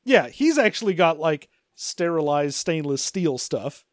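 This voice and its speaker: A man's voice: fairly high pitch, sing-song, a little slow, no echo, clean studio sound. A man co-hosting a casual comedy chat, wry and joking with profane asides. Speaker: podcast co-host.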